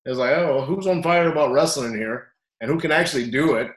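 A man who coaches wrestling, telling stories in an animated way and acting out the quotes loudly over a video call. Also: on the high side, fast. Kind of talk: storytelling interview. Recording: roomy echo.

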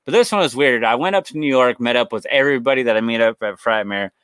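A young man co-hosts a horror podcast in a clear, resonant, slightly bright mid-range voice, talking quickly with no echo. In casual chat he rambles through stories, swears often, and acts out the voices of the people in them.

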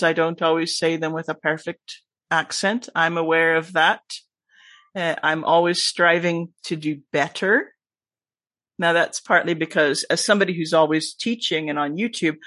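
A podcast guest and teacher with a mostly American accent that has a Scottish tinge, talking in a casual, emphatic way with lively asides. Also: mid-range voice, no room sound. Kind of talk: casual conversation.

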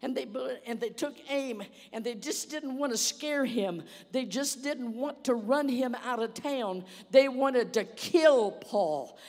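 Woman preacher, vivid storyteller, slightly high voice, long church reverb. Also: unhurried, few pauses, a little mellow. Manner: vivid storytelling, frequent "uh" fillers. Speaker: guest speaker. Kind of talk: sermon.

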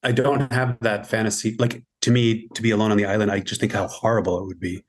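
A man's voice: fairly low pitch, flat delivery, quick pace. A man guesting on a casual movie podcast, talking earnestly and emphatically, often restarting his sentences. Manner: earnest, emphatic, self-interrupting.

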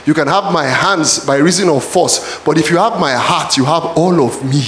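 A man preaching a sermon in a church, often shouting calls to the congregation. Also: fairly high pitch, moderate pace, few pauses, a little hiss or hum. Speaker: pastor. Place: church hall. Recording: echoey church hall.

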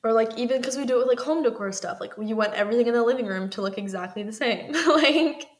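A woman's voice: a little high, quick pace. A young woman co-hosting a podcast, chatting casually, filling her talk with "like" and laughing often. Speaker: podcast co-host. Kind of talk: casual chat.

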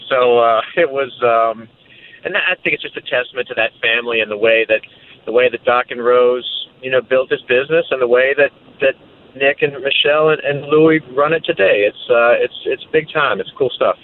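A man's voice: medium pitch, moderate pace. Southern man on a tinny phone line. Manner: relaxed, hesitant with fillers. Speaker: guest, track executive. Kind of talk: casual interview over the phone.

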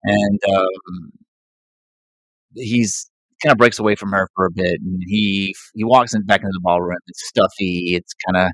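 A man co-hosting a casual movie chat, animated, acting out quotes from the film. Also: low-pitched, no room sound, low-quality recording. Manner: animated, acts out quotes in a raised voice. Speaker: podcast co-host.

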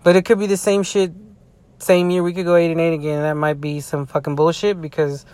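A man's voice: a little high, little pitch movement, brisk, darkish tone. A tired man in a casual vlog rant, rambling with heavy swearing and frequent restarts. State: tired, yawning. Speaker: sports fan vlogger.

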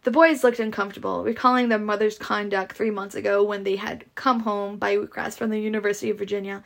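A woman reading a novel aloud in a steady voice with small stumbles. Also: mid-range voice, quick pace, gravelly. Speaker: reader.

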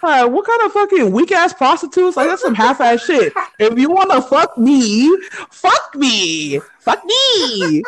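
A woman's voice: sits high, very animated, a little slow, hardly any pauses, slight background noise. A woman from the United States co-hosting a podcast, telling a story in casual chat, profane and often laughing. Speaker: podcast co-host.

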